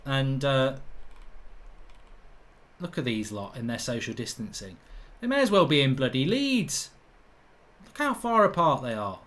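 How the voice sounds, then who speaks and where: A man's voice: mid-range voice, fairly bright tone. A middle-aged man from England hosting a live football watchalong, reading viewer comments and bluntly ranting about the referee in colloquial talk.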